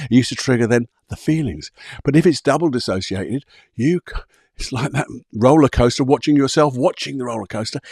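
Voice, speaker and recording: A man's voice: mid-range voice, a little mellow, slightly rough, dry recording, studio quality. A man, a podcast host and coach talking listeners through guided visualisation exercises in a casual way, step by step.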